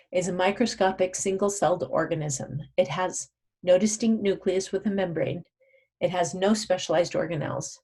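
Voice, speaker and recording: A woman's voice: fairly low pitch, darkish tone. A woman teaching a recorded biology lesson, explaining step by step, correcting herself as she goes and quizzing with questions she answers herself.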